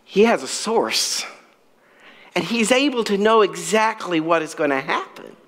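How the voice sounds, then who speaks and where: A middle-aged male pastor delivering a sermon at a deliberate, unhurried pace. His voice sits a little high for a man and rises and falls widely as he tells the story. He preaches with dramatic storytelling, slowing down on key words. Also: animated. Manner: dramatic storytelling, acts out quoted characters; slow, deliberate preaching with wide swings in pitch and loudness.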